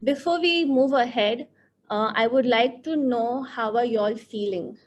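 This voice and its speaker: A slightly high-pitched woman speaks unhurriedly against a bit of hiss or hum. As a counselor leading teachers through a workshop, she is sincere and contemplative, leaning on key terms.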